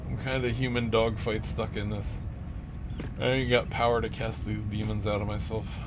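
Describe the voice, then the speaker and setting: Vehicle noise fills the background as this vlogger rants in a rambling, breathless monologue, frequently starting over and letting out bitter laughs between thoughts. His voice is fairly low, at normal speed with fairly even intonation.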